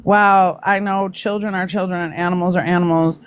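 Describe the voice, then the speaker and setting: A woman's voice: on the low side, fairly even intonation, brisk, smooth. A woman hosting a casual live stream, reacting to news with blunt, profane asides to her viewers.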